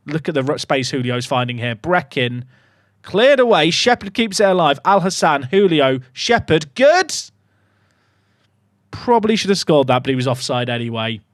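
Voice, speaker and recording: Animated man commentating gameplay. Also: on the high side, moderate pace, no echo, studio quality. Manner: animated, sarcastic, swings between excitement and mock despair. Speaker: gaming streamer.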